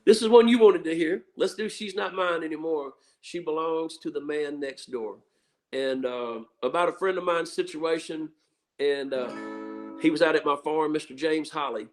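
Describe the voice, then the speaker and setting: A man's voice: a little high, moderate pace, soft background music. A bluesman from Mississippi with a Southern accent, telling stories on a radio show in a rambling way full of fillers. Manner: meandering, filler-heavy storytelling. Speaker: blues musician guest. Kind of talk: rambling radio interview chat.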